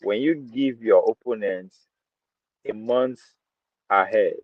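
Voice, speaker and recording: A man's voice: lowish voice, slow pace, no echo. A man with a Nigerian accent hosting a podcast, giving opinionated commentary and driving points home by repeating phrases and slipping into Pidgin. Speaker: podcast host. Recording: dull lo-fi dry sound.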